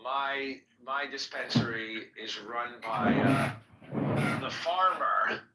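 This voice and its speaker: A man's voice: mid-range voice, slow, echoey room, recorded from a distance, heavy background noise. A man in casual chat who talks about a slight lisp, chatty and self-conscious about his speech. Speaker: guest.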